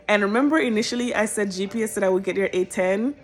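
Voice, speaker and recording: A woman, a social worker, telling a personal story in an animated, expressive way. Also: mid-range voice, fast talker.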